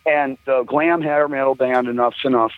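A man's voice: mid-range voice, fairly even intonation, normal speed, no echo. An older man, a musician guest, telling rambling, profane stories in a casual chat and laughing often. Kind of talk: casual storytelling. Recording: tinny phone line, dry.

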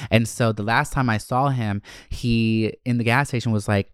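A man hosting a podcast, telling stories in a brash, profane, animated way and acting out quotes. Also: fairly low pitch, fast talker, vocal fry, hardly any pauses, clean tone, no echo, clean studio sound. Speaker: podcast host. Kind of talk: casual storytelling chat.

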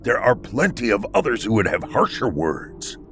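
A man voicing the angry ghost of an older man who speaks slowly and gravely. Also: lowish voice, big pitch swings, fairly bright tone, soft background music. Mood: bitter.

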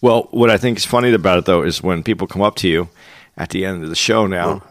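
Male podcast co-host, quick and agreeable, low-ish voice, dry close recording. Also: no echo. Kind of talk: casual podcast chat.

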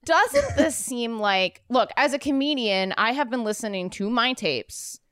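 A woman's voice: on the high side, big pitch swings, unhurried, a bit bright, clear, resonant tone, no room sound, studio quality. A woman comedian co-hosting a casual podcast, wry and emphatic. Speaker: comedian co-host.

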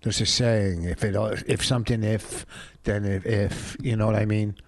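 A man's voice: lowish voice, level tone, moderate pace, a little hiss or hum. A man co-hosting a casual comedy podcast, rambling through stories, getting defensive and losing his thread.

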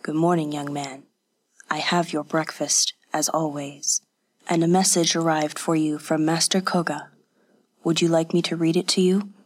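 A woman voicing a patient, kindly temple priest who speaks softly and calmly. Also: low voice, moderate pace. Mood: gentle, concerned. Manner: calm, soft-spoken counsel. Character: gentle, patient older male temple priest.

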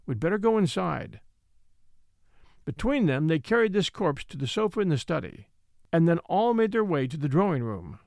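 A man's voice: on the high side, sing-song, a little fast, creaky, darkish tone, no room sound, studio quality. A man reading a classic mystery aloud as an audiobook narrator, shifting his voice for each character.

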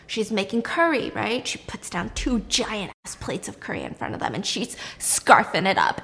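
A woman casually recapping a show, animated and acting out the quotes, with some swearing. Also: mid-range voice, moderate pace, few pauses. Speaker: podcast host recapping a show.

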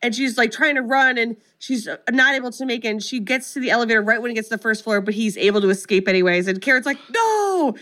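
A woman with a slightly high voice recaps a movie for a comedy podcast. Her storytelling is animated and peppered with swearing and "like". It sounds like loose, casual chat between friends. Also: fast, hardly any pauses. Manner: animated, profane storytelling full of "like". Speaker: podcast co-host.

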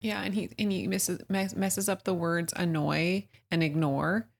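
A woman's voice: on the low side, steady tone, measured pace, vocal fry. A woman in her thirties co-hosting a podcast in casual chat, blunt and laughing often, swearing freely. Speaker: podcast co-host.

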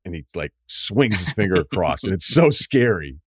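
Animated storytelling man, low dry voice. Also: moderate pace, breathy edge, no room sound. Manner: animated, swings into loud mimicking voices. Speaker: podcast host. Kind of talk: casual storytelling chat.

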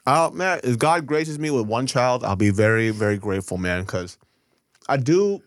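A man's voice: mid-range voice, moderate pace, no room sound. A man co-hosting a podcast in casual chat, telling stories with lots of swearing and laughter. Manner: animated storyteller, swears a lot, laughs through his stories. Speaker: podcast co-host.

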